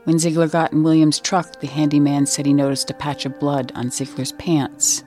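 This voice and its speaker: A narrator telling a crime story in measured, scripted documentary style. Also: medium pitch, level tone, darkish tone, soft background music.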